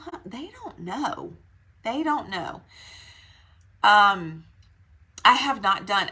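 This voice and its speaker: A woman's voice: low voice, bright, forceful tone. A young woman, slightly out of breath, giving her sales team a chatty, rambling pep talk. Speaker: direct sales consultant.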